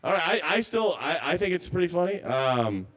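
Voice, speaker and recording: Guy doing standup at an open mic, kinda high voice, keeps stumbling and second-guessing his jokes. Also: sing-song, moderate pace, a bit bright. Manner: rambling, self-doubting, stammers and restarts. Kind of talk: stand-up comedy set. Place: small venue, live open mic.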